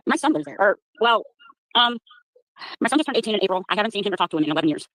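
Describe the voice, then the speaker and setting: A woman's voice: medium pitch, lively intonation, rapid-fire, a bit bright, dry recording. A middle-aged woman in casual chat, talking in a chatty, candid, emphatic way. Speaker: chat participant.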